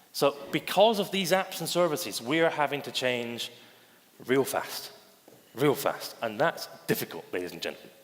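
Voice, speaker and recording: A man delivers a conference keynote in a theatrical storytelling style, often calling out to the audience and acting out the voices in his anecdotes. His voice sits at a middle pitch, and a long hall reverb trails every word. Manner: theatrical, addresses audience as ladies and gentlemen; acts out anecdotes with quoted voices. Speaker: conference speaker, bank digital chief. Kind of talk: keynote presentation. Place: conference stage.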